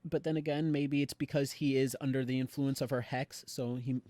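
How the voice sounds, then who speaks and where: Young male co-host, mid-pitch, casual recap with punchy swearing and quoted lines; dead-dry room. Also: dry recording. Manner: animated retelling with quick voiced quotes, swears freely. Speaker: podcast co-host.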